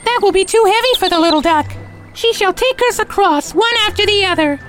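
A man voicing a young girl in a storybook reading, in a high piping falsetto. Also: fairly quick, fairly bright tone, faint music behind. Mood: eager. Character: frightened young girl, earnest and clever.

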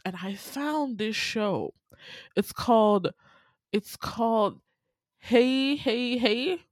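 A young woman co-hosting a casual chat, telling stories in an animated way, acting out quotes and swearing freely. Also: mid-range voice, no echo, clean studio sound. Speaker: podcast co-host.

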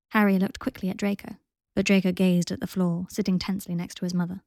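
A woman narrating a story aloud in a calm, steady way. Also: fairly low pitch, fast talker, few pauses, no room sound, studio quality. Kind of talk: audiobook reading of fan fiction.

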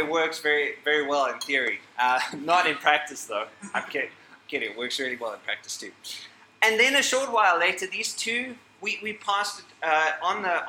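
A man's voice: fairly high pitch, pushed and bright, slight background noise. A man giving a talk to a live audience, chatty and joking, breaking off mid-sentence and laughing at his own asides. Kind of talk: lively lecture to a live audience. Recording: echoey hall.

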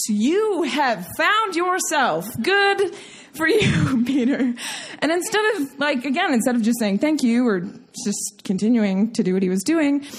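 Woman storyteller, bright high voice, lively and giggly delivery. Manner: animated, laughing through the story. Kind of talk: comic personal storytelling.

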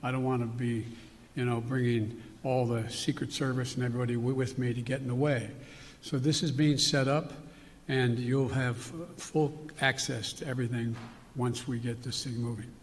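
Older guy fielding press questions, halting folksy answers, echoey hall clip. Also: medium pitch, level tone, slightly rough. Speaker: politician at press conference.

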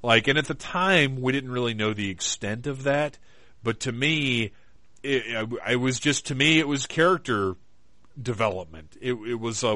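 A man co-hosting a podcast, talking through a movie in a relaxed, rambling way with fillers. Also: medium pitch, normal speed, dry recording. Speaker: podcast co-host. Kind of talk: casual film discussion.

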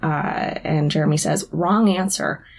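A woman's voice: low voice, unhurried, a little hiss or hum. A woman retelling scenes of a TV show in casual chat, quoting characters with "he's like". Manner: narrates with many "he's like" quotes. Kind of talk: casual chat recapping a TV episode.

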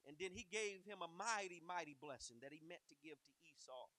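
A man teaching a Sunday school Bible lesson, animated and acting out the story in character voices. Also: on the high side, a little fast, no room sound, low-quality recording.

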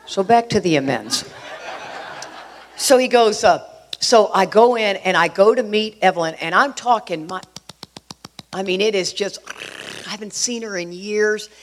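A middle-aged woman from Houston, Texas shares the story of her recovery in a mid-range voice that moves a little slowly, with long pauses. She is heartfelt and earnest, chatting conversationally with plenty of fillers, and there's a slight hiss or hum on the recording.

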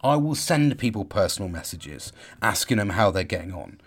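A middle-aged man talking in a raw personal video diary, emotional and halting, swearing and repeating himself as he speaks to his audience. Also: lowish voice, sing-song.

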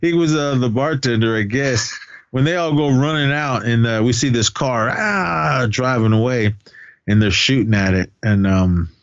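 A man's voice: medium pitch, moderate pace, smooth, no echo. A man co-hosting a podcast, casually retelling a movie's plot and quoting its lines with a laugh now and then. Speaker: podcast co-host. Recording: dull lo-fi podcast audio.

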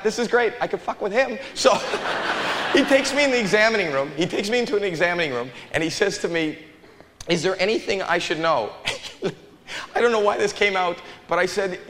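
A man's voice: sits high, fairly bright tone, in a large hall, a little hiss or hum. A man doing stand-up comedy on a stage, telling a long story with stammered repeats and chuckles. An audience laughs behind him. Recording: live club with crowd.

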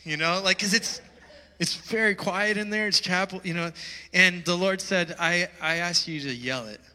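A man's voice: high-pitched, normal speed, pushed and bright, big-room sound, poor audio. A man preaching a sermon in a church, telling a story and calling his listeners with emphatic, rising appeals to wake up. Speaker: pastor. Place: church hall.

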